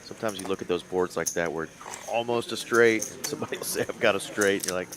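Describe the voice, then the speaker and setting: A man commentating a live poker stream in a relaxed, chatty way. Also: low voice, fast, a crowd in the background. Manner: relaxed, conversational, chatty asides.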